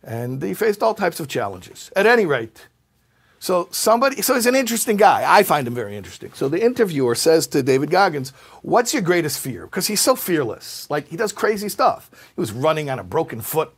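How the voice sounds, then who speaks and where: A rabbi giving a talk, telling stories in an animated way and acting out the people he quotes. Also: brisk, husky. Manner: animated storyteller, quotes characters with rising pitch. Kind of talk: sermon storytelling.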